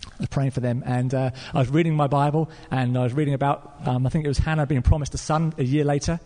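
An Englishman preaching a sermon, telling a story in an earnest, animated way with fillers and restarts. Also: mid-range voice, quick pace. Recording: long reverb of a church hall.

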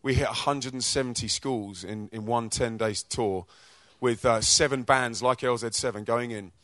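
Rapper with a mid-range voice, recorded dry, giving a high-energy, story-driven church talk. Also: male voice, no echo. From England. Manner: energetic, chatty storytelling with slang and quick restarts. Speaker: Christian rapper and charity co-director. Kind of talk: informal testimony talk to a church audience.

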